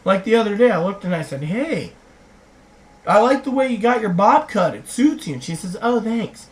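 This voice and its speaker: A woman's voice: medium pitch, very animated, normal speed, poor audio. A middle-aged woman vlogging a long, rambling reply to viewer comments, retelling conversations and acting out other people's lines. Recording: faint background hiss.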